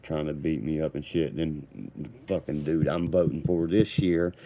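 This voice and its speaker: Brief: man, deep and mellow, combative vlogger telling a rambling story. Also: normal speed, creaky.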